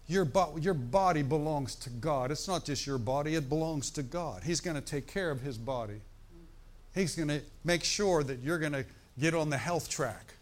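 A man preaching a sermon in a conversational way, often asking his congregation "right?" and "amen?", slowing down to stress scripture. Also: a little high. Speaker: pastor.

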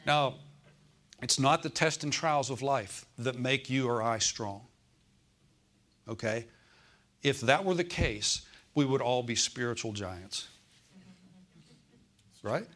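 A man's voice: medium pitch, takes it slowly, long pauses, fairly bright tone. A middle-aged man preaching a sermon, repeating phrases for emphasis and asking his listeners for amens.

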